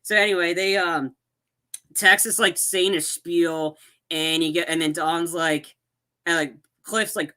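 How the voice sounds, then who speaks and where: Podcast guy recapping a movie, bright sharp voice, keeps restarting sentences. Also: a little high, level tone, unhurried, clear, resonant tone. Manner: rambling retelling with many restarts and acted-out quotes. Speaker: podcast co-host.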